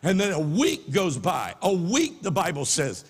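A high-voiced man delivers an impassioned sermon. His tone is husky and slightly breathy, and it swings from quiet asides to ringing shouts. Long reverb from a large church sanctuary trails each phrase. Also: wildly swooping pitch, a little slow. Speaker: preacher.

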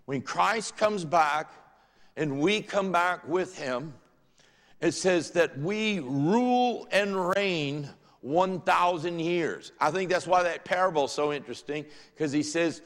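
A man's voice: on the high side, slow pace, a bit bright. A man with a Southern US accent preaching a sermon, reading scripture aloud and then explaining it in plain words. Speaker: pastor. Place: church sanctuary. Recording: church audio with long hall reverb.

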